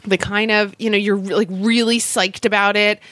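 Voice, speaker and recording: A woman co-hosting a casual food chat, talking quickly and chatting while she eats. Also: mid-range voice, level tone, fairly bright tone, dry recording, studio quality. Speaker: co-host.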